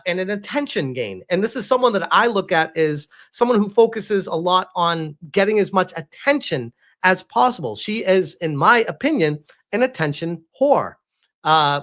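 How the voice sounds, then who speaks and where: A man's voice: high voice, sing-song, normal speed, a bit bright. A man giving casual, emphatic commentary as he reacts to a clip, laughing often.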